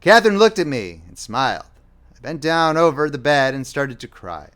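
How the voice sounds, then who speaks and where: A man reading a novel aloud as an audiobook narrator, in a plain, measured first-person style. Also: on the high side, sing-song, a bit bright.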